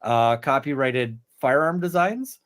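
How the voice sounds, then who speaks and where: Brief: mid-pitched man, smooth clear tone, halting casual stream talk. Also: expressive, fairly bright tone. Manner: hesitant, full of fillers.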